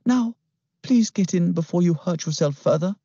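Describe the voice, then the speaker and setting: A man voicing a mysterious, persuasive businessman who talks calmly and smoothly. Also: high-pitched, normal speed, no echo, voice pushed up. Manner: calm, smooth, bargaining. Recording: dull lo-fi recording.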